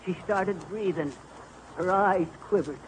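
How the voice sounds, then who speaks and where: A man's voice: high-pitched, measured pace, low-quality recording. An actor playing a blustering middle-aged man telling a tall tale in a 1940s radio comedy, folksy and boastful. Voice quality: folksy, boastful, malaprop-prone. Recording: hissy old radio transcription.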